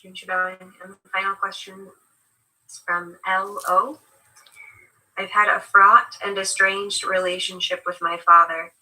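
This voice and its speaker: A woman moderating a talk, reading a listener's question aloud in a flat, even manner. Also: mid-range voice, unhurried, low-quality recording.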